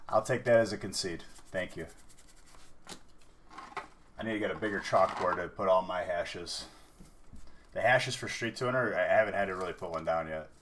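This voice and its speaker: Low-voiced man rambling on a stream. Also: moderate pace, pauses often, a bit bright. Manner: rambling, chatty, says "dude" a lot. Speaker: host of a card-break livestream. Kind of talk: casual livestream chat.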